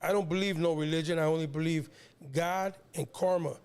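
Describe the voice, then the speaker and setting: A man's voice: fairly high pitch, fairly even intonation, brisk, a little mellow, smooth. A man in his fifties from San Diego, a rapper guest telling a long personal story in a rambling, slangy way, often repeating words. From San Diego, California. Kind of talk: casual storytelling.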